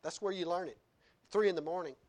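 A male pastor preaching a sermon, animated, with laughing asides and wide swings in pitch and loudness. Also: fast talker.

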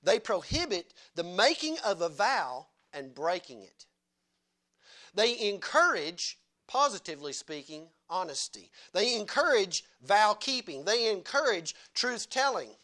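A man's voice: high voice, big pitch swings, a little slow, bright, forceful tone. A male pastor delivering a sermon at a church service, earnest, repeating key phrases and asking rhetorical questions.

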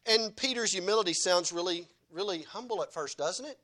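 Male preacher, sermon delivery, dramatic and expressive with sharp drops in volume. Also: brisk, few pauses. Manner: dramatic, wide swings in pitch and loudness, acts out quotes.

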